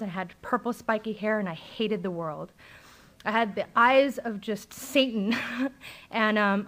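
A middle-aged woman speaking at a recovery meeting, telling her personal story candidly and conversationally, with frequent ums and likes. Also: a little high. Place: meeting room, live talk recording.

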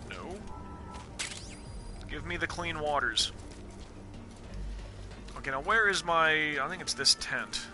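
With a voice on the high side, he speaks a little slowly and pauses often. He's streaming a game live over game music, giving loose let's play commentary full of jokes, swearing and thinking aloud.

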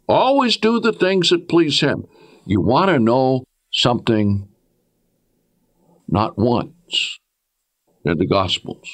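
A male preacher delivers a measured sermon from a studio. He reads scripture, then presses his listeners with rhetorical questions. His voice climbs and falls dramatically for emphasis, and he takes his time with every phrase. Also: on the low side, a bit bright.

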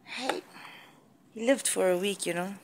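In her home kitchen, a mother who vlogs chats casually with her viewers and speaks to her family in a playful, mock-solemn way. Her mid-range voice moves at an unhurried pace, with a little background noise. It's relaxed family vlog talk.

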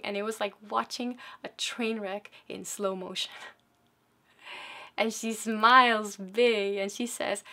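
Sex: woman. Pitch: mid-range. Style: dramatic storytelling speech. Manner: swings between loud bursts and hushed near-whispers. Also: fairly even intonation, a little slow. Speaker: storyteller sharing a personal story.

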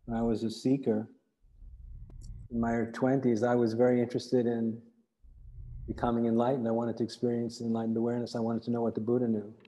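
A man speaking in a measured, even way during a public spiritual dialogue. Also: mid-range voice, lo-fi sound. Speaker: dialogue partner. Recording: long hall reverb.

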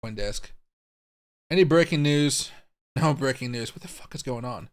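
A young man hosting a late-night live stream, talking to himself and his viewers in puzzled, muttered bursts. He swears often and keeps asking what is going on. His voice sits at a middling pitch. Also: normal speed. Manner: baffled, thinking aloud, swearing, talking to viewers. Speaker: crypto livestream host. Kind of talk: live-streamed casual commentary.

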